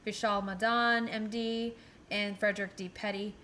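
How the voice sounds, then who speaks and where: A woman's voice: medium pitch, level tone, moderate pace, pushed and bright, slight background noise. A woman co-hosting a casual podcast chat, blunt and swearing freely, laughing now and then as she talks. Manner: blunt, swears often, laughs mid-sentence. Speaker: podcast co-host.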